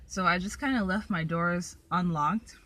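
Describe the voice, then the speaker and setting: A woman's voice: on the low side, measured pace, pushed and bright. A young woman telling travel stories in a casual vlog, chatty and full of ums and likes. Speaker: solo traveler vlogger. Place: in her van.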